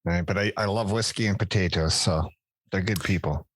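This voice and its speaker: A man's voice: low voice, normal speed. A man co-hosting a podcast, chatting in an easygoing, dry way. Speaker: podcast co-host. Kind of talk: casual chat.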